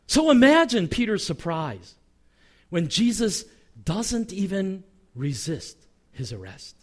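A man preaching a sermon as pastor, acting out quoted lines and letting his voice drop low at the ends of phrases. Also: takes it slowly. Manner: animated, acts out quoted voices; drops pitch and volume at phrase ends.

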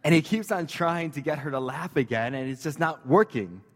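A man's voice: fairly high pitch, expressive, normal speed, long reverb tail. A man preaching a sermon as pastor, conversational and joking, with casual fillers and asides.

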